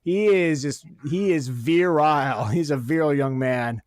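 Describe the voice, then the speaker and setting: A man's voice: fairly high pitch, unhurried, darkish tone, dry recording, studio quality. A man co-hosting a podcast, chatting casually with crude jokes and frequent laughter. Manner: joking, crude, laughs often. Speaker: podcast co-host. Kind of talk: casual chat.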